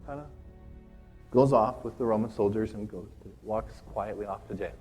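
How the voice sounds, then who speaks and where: A man's voice: medium pitch, moderate pace, a little mellow, husky, soft background music. A man preaching a casual, conversational sermon, retelling a story and often checking in with "right?". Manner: casual, chatty, keeps asking "right?".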